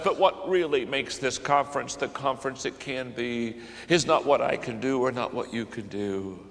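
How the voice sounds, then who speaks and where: An older man preaching to a conference, moving between hushed storytelling and fervent, raised passages. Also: medium pitch, moderate pace. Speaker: pastor. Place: conference hall. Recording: large hall with long reverb.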